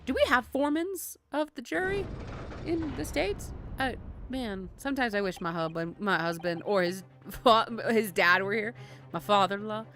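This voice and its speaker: A woman's voice: mid-range voice, expressive, moderate pace, fairly bright tone. A young woman streaming a game playthrough, reading the dialogue aloud and talking casually, swearing and mocking herself.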